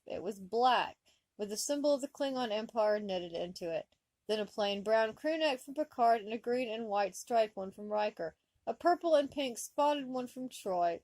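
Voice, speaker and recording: A woman reading fan fiction aloud, with expressive comic narration. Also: mid-range voice, no room sound. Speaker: story reader.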